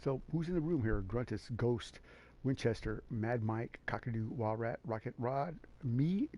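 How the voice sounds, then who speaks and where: A man hosting a sim racing league stream, chatting casually and excitably in a rambling way, calling everyone man and dude. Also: medium pitch, measured pace. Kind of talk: casual live-stream race commentary.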